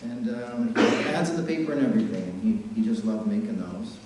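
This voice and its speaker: A middle-aged man from New Brunswick, Canada, giving a eulogy for his father in a church, telling stories warmly and chuckling at them. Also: lowish voice, animated, fairly quick, very noisy. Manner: warm anecdotal storytelling, chuckling at his own stories. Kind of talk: funeral eulogy. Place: large church sanctuary. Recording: very echoey church from a distance.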